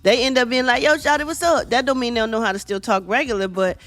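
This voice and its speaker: A woman's voice: a little high, fast, fairly bright tone. A middle-aged woman hosting a casual radio entertainment news segment, chatty and sassy, calling listeners y'all and honey.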